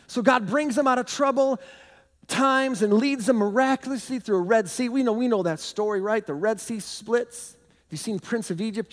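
High-pitched guy preaching, big animated storyteller, long echo like a big church. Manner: animated storytelling with shouted shrieks and laughs. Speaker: pastor. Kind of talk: sermon. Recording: long hall reverb.

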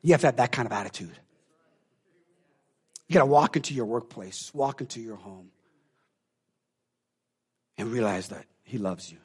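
A pastor preaching a sermon, emphatic and calling out to the congregation, swinging from hushed talk to shouting. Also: male voice, medium pitch, moderate pace, pauses often, breathy edge.

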